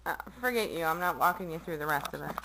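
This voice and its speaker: A woman filming her cats at home, teasing them and scolding them loudly. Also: sits low, expressive, quick pace, a little hiss or hum, low-quality recording. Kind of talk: casual home video chat. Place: home, indoors.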